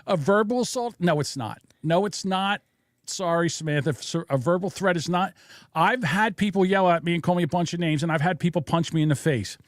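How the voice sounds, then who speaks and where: A man's voice: high-pitched, a little fast, dry recording, studio quality. A man co-hosting a podcast, giving blunt opinions in casual chat and rambling with restarts and fillers. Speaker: podcast co-host.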